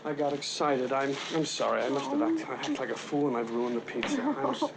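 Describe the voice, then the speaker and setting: A stammering, awkward young suitor. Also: male voice, medium pitch, wildly swooping pitch, very noisy. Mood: flustered. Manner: halting, stammering, full of restarts. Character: awkward, rambling young man courting a woman. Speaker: film character. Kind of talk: 1970s film comedy acting.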